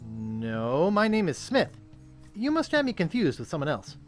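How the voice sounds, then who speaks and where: A man's voice: fairly high pitch, huge pitch swings, normal speed, soft background music. A man voicing Guybrush Threepwood, a young wannabe pirate hero in a video game, who sounds earnest and easily flustered.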